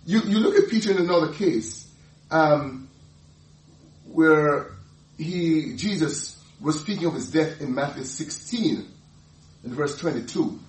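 Lively male Bible teacher, laughing often, heard from a distance. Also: a little high, a little slow, roomy sound. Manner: animated, laughing often, many restarts.

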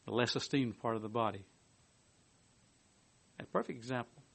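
A man giving a sermon, reading a commentary aloud and adding his own asides, moving between emphatic bursts and quiet, hushed stretches. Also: mid-range voice, normal speed, creaky, breathy edge. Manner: lively, swings from emphatic to hushed. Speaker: preacher.

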